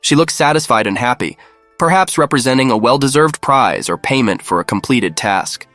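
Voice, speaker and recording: A man reading a scripted story recap in an even, matter-of-fact way. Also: mid-range voice, moderate pace, dry recording, faint music behind. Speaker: narrator. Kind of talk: scripted narration.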